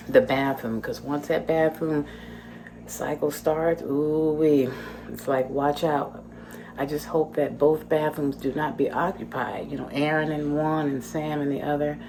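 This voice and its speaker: A woman's voice: low-pitched, noisy background. A woman vlogging from her home kitchen, chatting casually to her viewers as she prepares food. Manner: chatty, talks to viewers while cooking.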